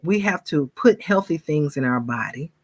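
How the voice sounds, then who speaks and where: A woman's voice: deep voice, lively intonation, moderate pace, slightly rough. Fervent woman preaching to y'all. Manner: fervent, addresses viewers as y'all, mimics gossip. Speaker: spiritual vlogger. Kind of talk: casual preaching monologue to viewers.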